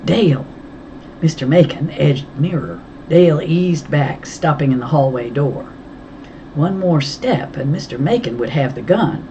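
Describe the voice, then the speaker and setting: A woman reading a first-person novel aloud, in an even, tense storytelling manner. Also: low voice, measured pace, lo-fi sound, a little hiss or hum. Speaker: audiobook reader.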